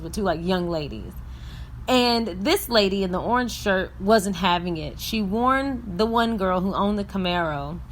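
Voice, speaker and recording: Woman podcast host, mid-pitch, animated comedic storyteller who laughs as she recaps. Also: slight background noise.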